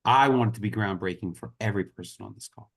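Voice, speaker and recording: A man's voice: on the low side, fast talker, gravelly, a bit bright. A man leading a network marketing team, giving an earnest, impassioned motivational talk on a group video call. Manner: earnest, impassioned, repeats "y'all".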